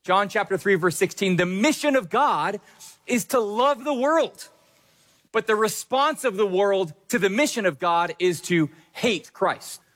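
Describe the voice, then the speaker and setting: A male pastor preaching a sermon in an energetic, conversational way with quick asides. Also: high voice.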